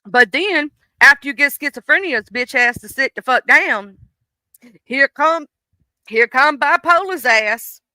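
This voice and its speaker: A woman's voice: high-pitched, a little slow, dry recording. A woman hosting a live stream, delivering a blunt, profane comedic monologue. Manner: blunt, profane, animated storytelling.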